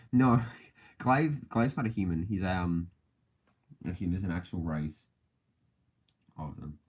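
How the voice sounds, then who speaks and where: A man's voice: low voice, darkish tone, husky. A man hosting a casual podcast livestream, rambling with many fillers and self-corrections and laughing often between thoughts. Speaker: podcast host.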